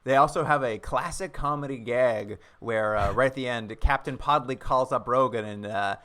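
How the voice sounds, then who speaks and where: A man's voice: medium pitch, normal speed, pushed and bright. A man co-hosting a podcast in casual chat, recapping the plot wryly and laughing often. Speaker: podcast co-host.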